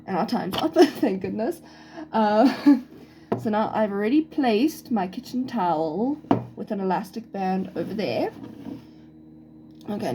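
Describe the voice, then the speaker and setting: A woman's voice: fairly high pitch, noisy background. A young woman with a South African accent, chatting and thinking aloud with little laughs as she narrates a science experiment at home. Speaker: student doing a science experiment. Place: home kitchen. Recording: kitchen clatter of dishes and cutlery audible.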